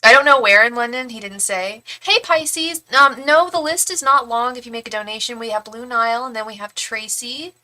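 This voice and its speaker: A woman's voice: on the high side, moderate pace, few pauses, pushed and bright. A young woman hosting a live-stream, chatting casually and rambling with many restarts. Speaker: tarot reader livestream host.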